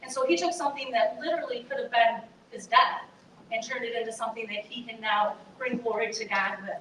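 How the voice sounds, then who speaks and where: Bright-voiced woman in an echoey hall. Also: fairly high pitch, fairly even intonation, fairly quick. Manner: earnest, conversational storytelling, addresses listeners directly. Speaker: chapel speaker. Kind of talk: testimony talk to students. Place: chapel hall. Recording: echoey hall, voice from far off, faint noise.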